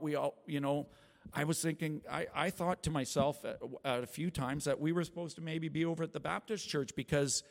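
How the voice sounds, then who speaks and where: In a small church hall, an earnest, gravelly lay preacher in his forties delivers a testimony sermon to the congregation. He rambles and restarts a lot, acting out quotes that rise high.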